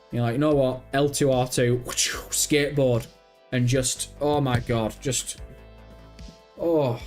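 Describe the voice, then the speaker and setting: A young man hosting a gaming livestream, chatting casually, swearing and teasing viewers in chat. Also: medium pitch. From Britain. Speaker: livestream host. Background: faint background music.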